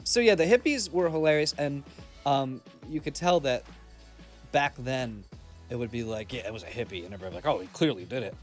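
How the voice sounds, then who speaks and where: A man co-hosting a casual film review podcast, animated and quick to laugh, often acting out lines from the film. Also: medium pitch, soft background music. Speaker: podcast co-host.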